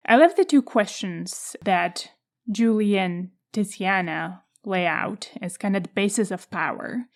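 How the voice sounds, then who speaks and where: Slow, reflective Czech-accented woman. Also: mid-range voice. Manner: thoughtful, measured, pausing to reflect. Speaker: podcast host. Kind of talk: reflective solo podcast monologue.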